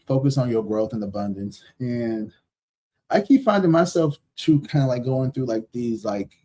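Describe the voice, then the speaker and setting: A man's voice: medium pitch, dark tone. A man in his thirties giving a live tarot reading in casual, slangy talk, blunt and profane, repeating himself for emphasis and laughing often. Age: 30s. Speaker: tarot reader hosting a live stream.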